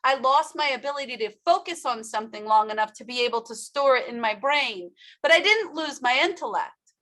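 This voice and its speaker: A woman's voice: high voice, expressive, fairly quick, fairly bright tone. A woman speaker giving a motivational workshop talk about her own story, emphatic and speaking straight to the audience. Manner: emphatic, addresses audience directly.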